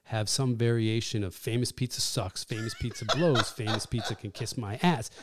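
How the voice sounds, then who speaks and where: Man doing a brother on the phone, urgent, plain low voice. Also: steady tone, moderate pace, very noisy, natural voice. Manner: urgent, reporting. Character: worried adult brother on the phone.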